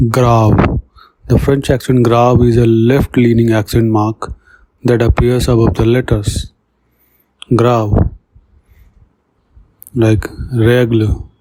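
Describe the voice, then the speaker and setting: Male tutor, monotone lesson narration, mellow husky voice. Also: medium pitch. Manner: monotone, reads example words then their meanings. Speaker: French teacher. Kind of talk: slow scripted lesson narration.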